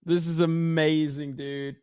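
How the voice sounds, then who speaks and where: A man hosting a casual livestream, reading chat messages aloud and reacting in excitable, profane bursts that drop into low mutters. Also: takes it slowly, smooth, no echo, studio quality. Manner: excitable and profane, swings between loud outbursts and low mutters. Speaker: livestream host.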